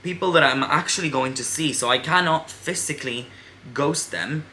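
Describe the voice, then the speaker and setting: A woman's voice: sits low, moderate pace, bright, forceful tone, slight background noise. A woman in her twenties chatting candidly and emphatically while doing her makeup, swearing freely. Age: 20s. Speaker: beauty vlogger. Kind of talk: casual get-ready-with-me chat.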